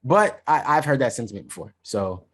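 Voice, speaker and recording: A man co-hosting a podcast in casual chat, animated and hedging. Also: mid-range voice, a little fast. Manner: animated, hedging, talks over others. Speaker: podcast co-host.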